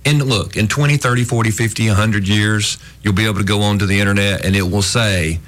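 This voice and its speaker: A man's voice: on the low side, steady tone, brisk, fairly bright tone. A man hosting a radio talk show, speaking in an emphatic, opinionated way. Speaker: host.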